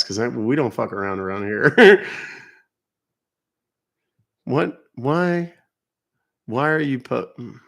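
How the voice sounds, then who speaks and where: A man's voice: fairly low pitch, gravelly, fairly bright tone. A middle-aged man from Texas, hosting a live stream in casual, joking, profane and rambling chat.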